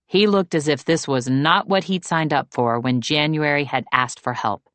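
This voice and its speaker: A woman narrating an audiobook in a steady, measured storytelling manner. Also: deep voice, no room sound. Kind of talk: scripted narration.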